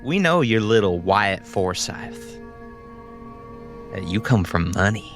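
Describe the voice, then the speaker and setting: A man's voice: lowish voice, sing-song, slow pace, a bit bright, faint music behind, pitched below the performer's own voice, full character voice. A man voicing a hard-bitten young woman, a smoking gangster's moll who talks tough and calls people kid. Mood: cool.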